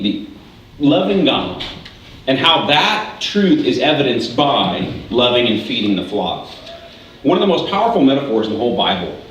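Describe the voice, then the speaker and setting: This man's mid-range, somewhat bright voice comes from far off the mic as he preaches a relaxed, chatty sermon in a church hall. He keeps restarting sentences and tossing in "right?" to check on listeners, while the hall echoes heavily and a faint hiss lingers.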